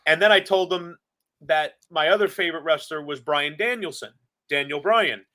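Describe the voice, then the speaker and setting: A man from Staten Island, New York, co-hosts a podcast, telling stories in a casual chat with earnestness and enthusiasm. His voice is a little high and sharp in tone, at a moderate pace.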